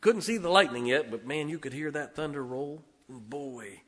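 Man, middle-aged, from northern Ohio, folksy storyteller, bright voice, long hall reverb. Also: on the high side, lively intonation, normal speed. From northern Ohio, near Lake Erie. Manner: folksy, conversational, acts out quoted dialogue. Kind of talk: personal storytelling.

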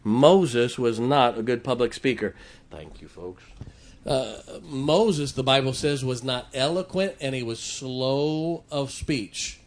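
A middle-aged preacher delivers a sermon in a church, telling homespun stories in a folksy drawl. His voice sits at an ordinary male pitch. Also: lively intonation, slow pace. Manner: folksy storytelling preacher, mimics stuttering. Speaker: pastor.

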